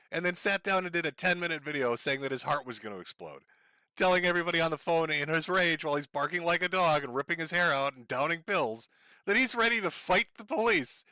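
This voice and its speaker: Sarcastic, bright-voiced man hosting a stream. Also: on the high side, expressive, fairly quick, dry recording. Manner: sarcastic, laughing, profane. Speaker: stream host. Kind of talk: mocking live-stream commentary.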